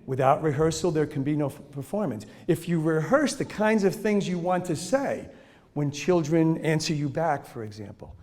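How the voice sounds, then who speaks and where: A man's voice: fairly high pitch, animated, moderate pace, darkish tone. A man giving a humorous lecture to teachers on children's behavior, joking, laughing often and acting out examples.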